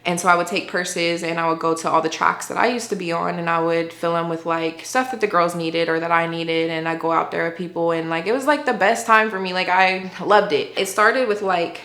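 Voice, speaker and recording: A woman's voice: on the low side, brisk, hardly any pauses, a bit bright, roomy sound. A woman giving an earnest, conversational faith testimony as an interview guest, often saying "like". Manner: earnest, conversational, heavy use of "like".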